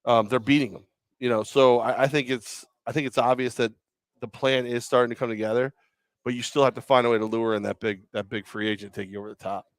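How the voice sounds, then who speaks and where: A man's voice: mid-range voice, fairly even intonation, fast, dry recording. A man co-hosting a sports radio show, joking and rambling in casual talk. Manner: rambling, joking, many restarts.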